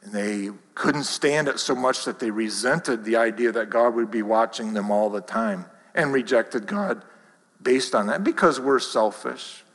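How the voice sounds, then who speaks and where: A man's voice: medium pitch, a little slow, a bit bright. A man preaching a sermon as pastor, conversational and self-deprecating, asking the congregation rhetorical questions. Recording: reverberant hall.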